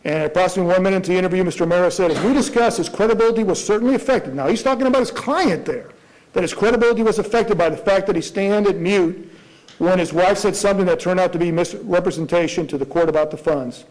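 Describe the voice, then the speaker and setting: A man's voice: sits high, quick pace, darkish tone, rough recording. A man arguing as prosecutor in a courtroom, pressing his point with rhetorical questions. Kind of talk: courtroom argument before a judge.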